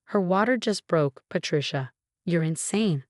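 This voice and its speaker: A woman's voice: fairly low pitch, lively intonation, unhurried, dry recording, clean studio sound. A woman reading as a fierce, protective sister-in-law. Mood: urgent. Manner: urgent, sharp.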